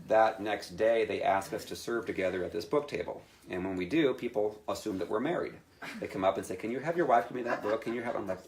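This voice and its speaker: A man telling a personal story to a live audience, animated and laughing as he acts out his own quotes. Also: fairly low pitch. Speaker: speaker telling his testimony.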